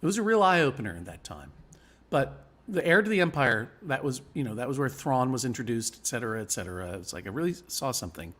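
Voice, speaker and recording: A man in casual live conversation, spinning rambling, wry stories. His voice sits at an ordinary middle pitch, and he laughs often between his points. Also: big pitch swings, fast, fairly bright tone. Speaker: guest.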